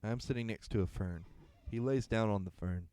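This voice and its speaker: A man's voice: fairly low pitch, normal speed, dark tone, slight background noise. A young man co-hosting a podcast, telling a story in casual chat, laughing often and swearing freely. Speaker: podcast co-host.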